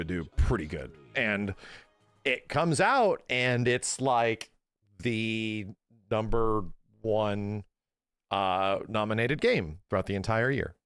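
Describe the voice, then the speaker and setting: A man's voice: mid-range voice, fairly bright tone, smooth, no room sound. A man live-streaming, chatting casually with his viewers, rambling through opinionated takes and swearing freely.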